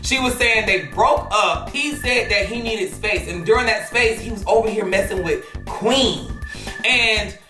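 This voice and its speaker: Woman hosting gossip talk, bright forceful voice, teasing and laughing, roomy echo, faint music behind. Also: medium pitch, measured pace. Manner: loud, laughing, animated and teasing. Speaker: host of a gossip commentary show. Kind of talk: casual gossip commentary.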